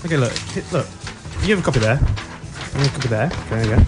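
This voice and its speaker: A man's voice: mid-range voice, expressive, fast. A man hosting a comedy radio show, rambling and restarting his sentences, with faint music behind.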